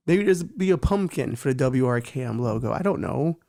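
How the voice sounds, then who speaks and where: A man's voice: fairly high pitch, normal speed, gravelly, warm tone. A young adult man hosting a comedic talk show, delivering a profane, joking monologue. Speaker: host.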